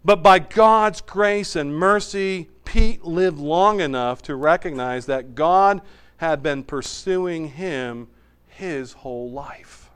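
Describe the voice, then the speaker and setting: Preaching man, smooth higher voice. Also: slow pace. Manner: swings from emphatic raised preaching to hushed low asides. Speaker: pastor. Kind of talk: sermon.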